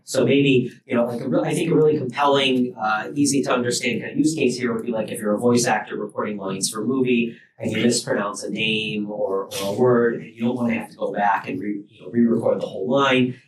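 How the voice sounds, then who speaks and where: A man giving a technical research talk at a workshop, talking loosely with many fillers and restarts. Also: mid-range voice. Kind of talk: technical lecture. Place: lecture room at a workshop. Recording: roomy sound, mic at a distance, faint noise.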